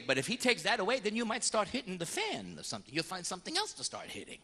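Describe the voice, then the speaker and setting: Animated priest preaching in an echoing hall. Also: male voice, high-pitched, quick pace, slightly rough. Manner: animated storyteller, slipping into voices of penitents and priests. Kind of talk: lively sermon with acted-out confession dialogues.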